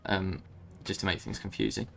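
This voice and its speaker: A man leading a game raid over voice chat, calm and organizing, with polite fillers. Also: low voice, normal speed, vocal fry, slight background noise. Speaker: raid leader. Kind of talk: casual voice chat.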